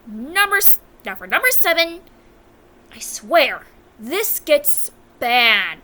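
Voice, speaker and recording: Young american woman, high voice, unhurried, blunt, ranting commentary. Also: big pitch swings, pushed and bright. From United States. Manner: blunt and exasperated, with self-corrections. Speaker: video reviewer. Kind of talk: casual ranking commentary.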